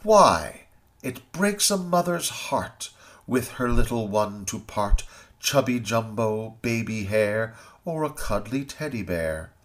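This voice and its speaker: A man's voice: fairly low pitch, sing-song, takes it slowly, fairly bright tone. A man narrating a rhyming children's story in a sing-song, theatrical way.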